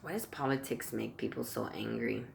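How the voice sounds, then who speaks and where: A man's voice: mid-range voice, moderate pace, gravelly, a little hiss or hum. A man vlogging a heated rant to camera, swearing constantly and tripping over his words as he repeats himself. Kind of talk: profane political rant to camera.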